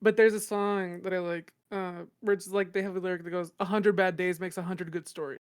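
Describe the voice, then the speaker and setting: A woman's voice: on the low side, little pitch movement, fairly quick, clean tone, no room sound. Chatty woman co-host, dry close sound. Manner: chatty, lots of "like" fillers. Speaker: podcast co-host. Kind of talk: casual podcast chat.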